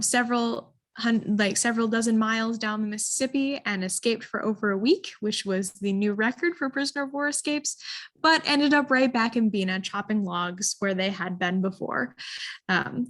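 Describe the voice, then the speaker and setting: A woman telling a history story to an audience, animated and full of ums, putting listeners in the story with choices. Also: mid-range voice, normal speed. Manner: animated, addresses listeners with choices, frequent um fillers. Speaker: history presenter. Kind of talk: interactive storytelling talk.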